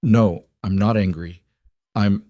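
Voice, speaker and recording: A man's voice: lowish voice, fairly even intonation, slow, warm tone, dry recording, studio quality. A man voicing a stern, grieving nobleman duke in a storybook reading. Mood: broken. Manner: icy then pained.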